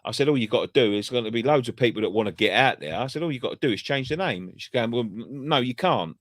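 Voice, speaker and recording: A man's voice: medium pitch, fast, no room sound. Male fan-channel presenter, casual pub-chat storyteller, heavy swearing, dry close recording. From England. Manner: sweary storytelling, rambling with restarts.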